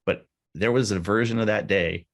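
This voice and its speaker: A man with a very low voice speaks at a memorial gathering, telling a personal story in tribute. His tone is candid and conversational, with the odd casual swear, and his voice carries a gravelly fry. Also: moderate pace. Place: live gathering with people present.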